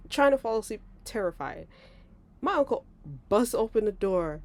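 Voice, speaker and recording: A woman's voice: unhurried, no room sound. A young woman chats through a storytime for her channel, laughing often and acting out the people in it. Her voice sits in a middling range but swings widely and expressively. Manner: animated, laughing, acts out voices with big pitch jumps. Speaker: vlogger. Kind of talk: casual storytime.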